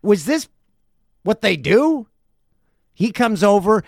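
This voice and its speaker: Animated storytelling man in his forties. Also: sits high, slow pace, gravelly, dry recording, studio quality. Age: 40s. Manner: animated, profane, laughs through the telling. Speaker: podcast host. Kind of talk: casual storytelling.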